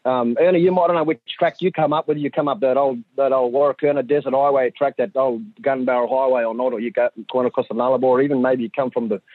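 A middle-aged man, telling a story in a lively way and acting out the voices of the people in it. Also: mid-range voice, fast talker, hardly any pauses, no echo. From Central Australia. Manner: animated, acts out voices of his sons and others. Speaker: community storyteller. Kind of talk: conversational storytelling. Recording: dry tinny phone-like audio.

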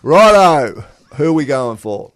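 An Australian man co-hosting live radio, briskly moving the segment along. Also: on the high side, very animated, no echo, studio quality. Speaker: radio co-host.

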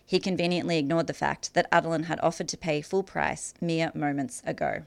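A woman author reading a passage from her own novel aloud in a measured, clear way. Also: low voice, fairly even intonation, no room sound.

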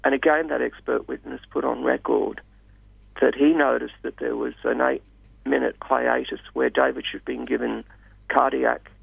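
A man speaking as a radio guest in a measured, hesitant way with many fillers. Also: mid-range voice, little pitch movement, creaky, slightly rough, no room sound. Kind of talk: radio interview. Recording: dull lo-fi radio sound, dry.

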